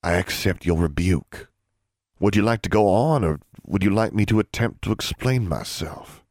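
A man voicing a soft-spoken, feared middle-aged wizard father who talks in a calm, measured, gentle way. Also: deep voice, dry recording, studio quality.

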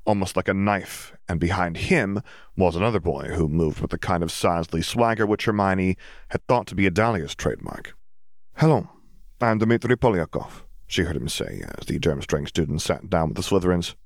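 A man reading a storybook aloud as narrator, steady and descriptive. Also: low voice, no echo, clean studio sound. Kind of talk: audiobook reading.

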